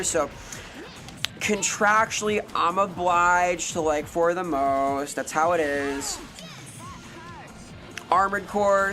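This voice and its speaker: A woman's voice: lowish voice, fairly bright tone. A woman streamer chatting casually with viewers, ranting and swearing with exasperation over faint background music. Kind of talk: casual live-stream chat answering viewers.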